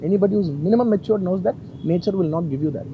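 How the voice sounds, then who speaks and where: Earnest man at a press conference, emotional and insistent, rapid delivery, slightly higher voice. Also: phone-quality sound, a little hiss or hum. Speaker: film actor at a press conference.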